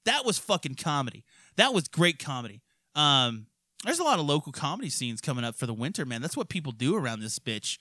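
A man hosting a casual podcast from his studio, ranting and swearing constantly with loud outbursts. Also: fairly high pitch, sing-song, brisk, no room sound. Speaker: podcast host. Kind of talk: profane ranting podcast chat.

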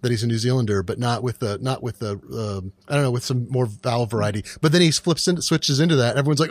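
A man's voice: mid-range voice, fast, few pauses. A man hosting a podcast, chatting casually and rambling a bit as he searches for words. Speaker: podcast host. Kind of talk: casual chat.

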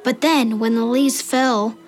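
Woman doing a show-off schoolboy, high voice, slow drawl, pushy, children's audio drama. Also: fairly even intonation, faint music behind. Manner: pushy, self-important.

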